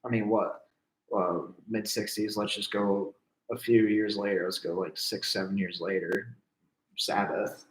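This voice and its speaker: A man's voice: on the low side, fairly even intonation, measured pace, a little hiss or hum. A young man, a musician guest, talking casually and hesitantly as he searches for words. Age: young adult. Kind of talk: casual conversation. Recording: roomy echo.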